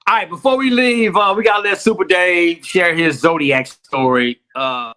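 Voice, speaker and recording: A man co-hosting a podcast, animated and laughing often in casual chat. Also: high-pitched, moderate pace, hardly any pauses, clean tone. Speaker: podcast co-host.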